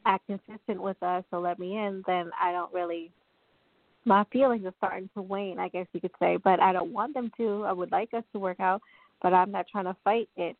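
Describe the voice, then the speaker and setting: A woman's voice: mid-range voice, no echo. Woman calling in, kinda rambly and unsure, thin dry phone sound. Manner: rambling, hesitant, talks her feelings through. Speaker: caller. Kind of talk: phone call to a reading show. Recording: dry tinny phone line.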